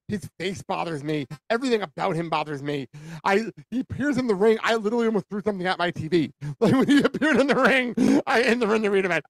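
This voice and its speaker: A man co-hosting a casual podcast, ranting excitedly with lots of laughter and swearing. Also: high-pitched, creaky, no echo. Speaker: podcast co-host. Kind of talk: casual wrestling chat.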